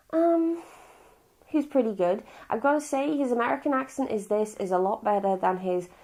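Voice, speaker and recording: A woman's voice: medium pitch, a little mellow. A woman from Wales with a Welsh accent, casually reviewing a film in a chatty, rambling, blunt way. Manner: rambling, chatty and blunt, with frequent restarts and swearing.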